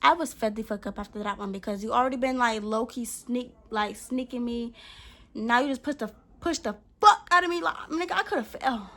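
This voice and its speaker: A young woman vlogger telling a story in a casual, animated way, swearing freely and acting out what she said. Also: a little high, brisk, a little hiss or hum.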